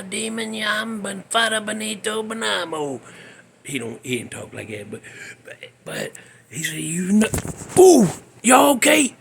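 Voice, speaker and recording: A man's voice: mid-range voice, vocal fry, fairly bright tone, slight background noise. A man hosting a podcast, telling a rambling comic story with folksy chuckles. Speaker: podcast host.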